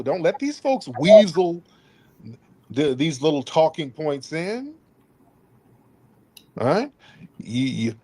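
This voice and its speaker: A man's voice: a little high, darkish tone. A man hosting a news commentary show, emphatic and scolding, repeating his points and mocking callers. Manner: mimics others in mocking voices. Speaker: host.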